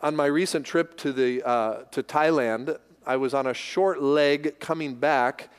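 A man's voice: mid-range voice, measured pace, clean tone, in a large hall. A man from the United States preaching a sermon as a pastor, earnest and building to emphatic repetition.

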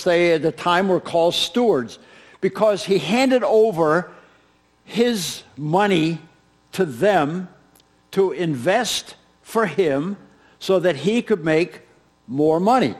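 A man preaching a sermon, retelling a parable as an animated storyteller who acts out its characters with humor. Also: high-pitched. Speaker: pastor.

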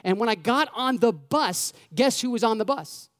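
A man preaches a sermon with a high, light voice. He talks in a lively, conversational way and keeps asking his listeners rhetorical questions. His voice rings out with a long reverb from a large room. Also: moderate pace. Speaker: pastor.

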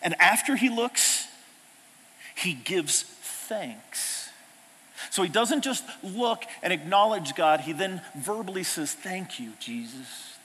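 Animated high-voiced preacher in a reverberant hall. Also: male voice, takes it slowly, slightly rough. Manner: animated, swings from loud exclamations to hushed asides. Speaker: pastor. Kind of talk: sermon. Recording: long reverb of a large hall.

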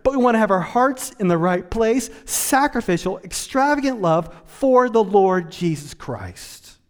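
High-voiced man preaching a sermon. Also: animated, unhurried, long reverb tail. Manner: swells from low, quiet asides to high, emphatic preaching. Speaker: pastor.

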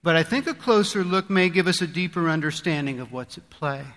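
A man's voice: on the high side, lively intonation, brisk, fairly bright tone, long reverb tail. A male pastor preaching a sermon in an earnest, conversational way, often asking his listeners rhetorical questions.

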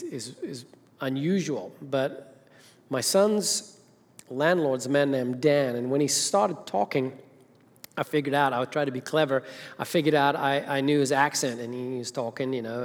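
A man's voice: medium pitch, normal speed. Middle-aged male minister, chatty storytelling sermon, big echoing church hall. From Zimbabwe. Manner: chatty, storytelling, with filler hesitations. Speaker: senior minister. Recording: long reverb of a large church hall.

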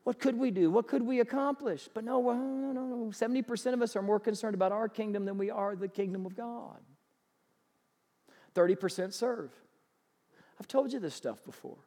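A man preaching a sermon as pastor, animated and acting out excited sports fans. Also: sits high, moderate pace. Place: church sanctuary. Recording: long church reverb.

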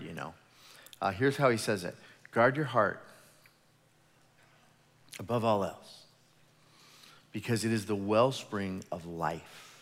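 A man who is a pastor, preaching a sermon in an animated storytelling manner, acting out the voices of people in his stories. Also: on the low side. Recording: long hall reverb.

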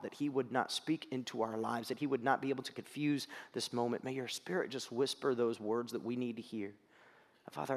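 Earnest male pastor in a reverberant hall. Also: mid-range voice. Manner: earnest, builds to emphatic peaks, quiet prayer. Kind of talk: sermon. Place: church sanctuary.

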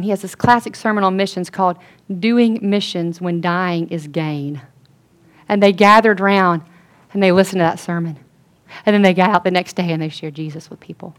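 A woman giving an earnest sermon-style testimony, telling a story and dropping to a hush for quoted lines. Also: on the low side, steady tone, normal speed. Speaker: speaker at a Christian gathering.

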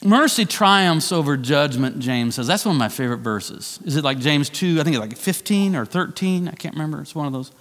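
A middle-aged man preaching a sermon as pastor, conversational and animated, with self-deprecating asides. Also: on the high side, quick pace, few pauses, big-room sound. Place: church sanctuary.

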